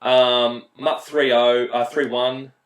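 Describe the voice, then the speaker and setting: A man's voice: medium pitch, flat delivery, slow pace, reverberant, poor audio. An Australian man hosting casual gameplay commentary, talking bluntly and swearing freely as he rants. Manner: blunt, profane, ranting. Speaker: mobile game player and channel host.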